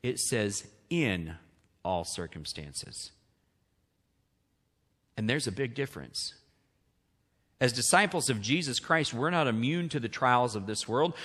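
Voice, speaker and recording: A man preaching a sermon as pastor, animated and often asking the congregation questions. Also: mid-range voice. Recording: long hall reverb.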